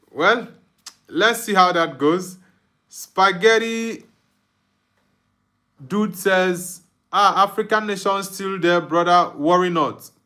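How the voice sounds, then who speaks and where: A man's voice: on the high side, sharp tone. A young Nigerian man hosting a live football watchalong, reading viewer comments aloud and bantering with frequent laughs. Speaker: livestream host.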